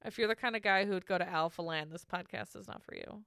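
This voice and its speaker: A woman's voice: fairly low pitch, fast, fairly bright tone, clean tone, no echo, clean studio sound. A young woman co-hosting a podcast, chatting casually through a reality show recap, laughing often and swearing freely. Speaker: podcast co-host.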